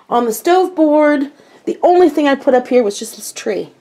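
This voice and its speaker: A woman's voice: sits high, lively intonation, a little slow, a little mellow. An older woman chatting casually through a home tour of her kitchen, rambling and self-mocking.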